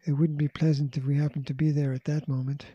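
Worried storybook father, earnest and despairing, read by a man in a warm, breathy voice. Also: on the high side, flat delivery, quick pace, no echo, highs cut off. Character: worried scientist father, middle-aged.

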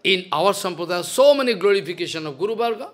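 A man's voice: high voice, expressive, fast talker. A man, a spiritual teacher giving a devotional lecture in a stern, scolding manner, repeating his points. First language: Bengali.

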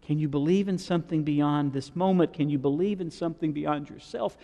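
Pastor guy preaching, mellow voice, long church echo, talks like he's just chatting with folks. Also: on the high side, brisk, gravelly. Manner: retells scripture conversationally, asking the congregation questions. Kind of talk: sermon. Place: church sanctuary.

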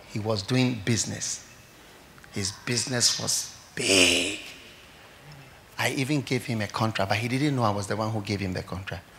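Speaking with a Ghanaian accent, a male pastor delivers a sermon in a church service hall, telling lively stories and swinging between loud exclamations and soft asides. His pitch is medium, and there's a little background noise.

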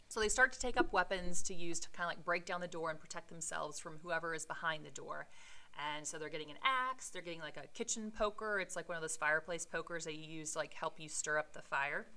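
A woman's voice: low voice, quick pace, pushed and bright. A woman reading a novel aloud who stops to paraphrase the story in a casual way, with fillers.

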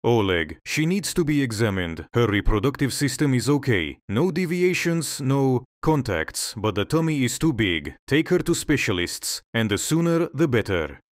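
A man voicing a brisk, clinical female gynecologist. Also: mid-range voice, sing-song, dry recording, clean studio sound, lightly acted. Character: matter-of-fact female gynecologist.

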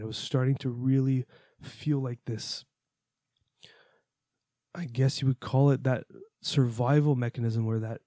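A podcast host with a dark, mid-range voice earnestly and reflectively recounts a personal experience in a storytelling monologue, cursing now and then. The clean studio sound has no room sound at all.

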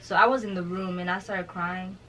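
A woman's voice: on the low side, fairly even intonation, brisk, sharp tone, faint music behind, rough recording. A young woman talking casually in an interview, telling a personal story and quoting others, with many fillers. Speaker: vlogger telling her story.

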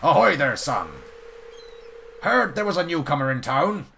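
A man voicing a gruff old male sailor and fisherman in a video game, hearty, loud and growling. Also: a little high, big pitch swings, a little slow, a little hiss or hum, voice pushed up, heavily acted.

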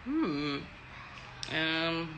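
A woman's voice: deep voice, very animated, very slow, a bit bright, slight background noise. A woman from Texas, an actor, answering fan questions in a loose, chatty live stream, swearing freely and laughing often. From Texas, USA.

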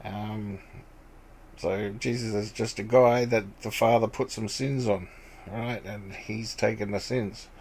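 A man giving an informal Bible teaching. He reads scripture aloud, then explains it in a rambling, halting way, with many fillers and restarts. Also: lowish voice, steady tone, a little mellow, slight background noise, poor audio. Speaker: preacher.

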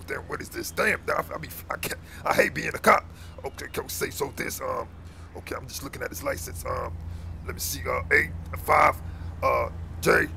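A man's voice: medium pitch, gravelly, slight background noise. A man playing a bossy, bumbling young street cop who blusters, barks orders and fumbles through paperwork. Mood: fumbling. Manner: blustering, yells shut up, fumbles and mutters.

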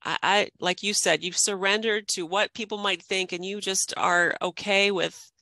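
Podcast guest, woman in her 50s, coach; bright voice, dry sound, earnest and reflective. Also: medium pitch, fairly even intonation, moderate pace, no echo. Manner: reflective, earnest, laughs often. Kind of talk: podcast interview.

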